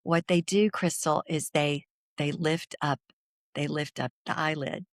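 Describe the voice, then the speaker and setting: Her voice low-pitched and steady, a middle-aged woman tells a personal story as an interview guest. She is earnest and hesitant, dropping to a whisper at the toughest parts. The recording is dry and of studio quality.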